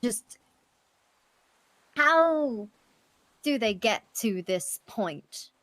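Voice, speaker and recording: A woman's voice: on the high side, expressive, extremely slow, a bit bright, dry recording, exaggerated voice. A woman role-playing a blunt, hot-tempered character who stammers, swears and keeps apologizing. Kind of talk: improvised role-play chat.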